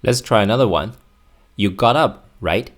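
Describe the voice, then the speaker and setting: Male teacher, lowish voice, clear patient delivery for a language lesson video. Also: normal speed. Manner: clear, patient explaining with spoken example phrases.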